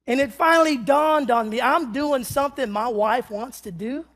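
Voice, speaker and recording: A man preaching a humorous sermon, telling a comic story with animated delivery and sudden shouts. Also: very high voice, normal speed. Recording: long reverb of a large hall.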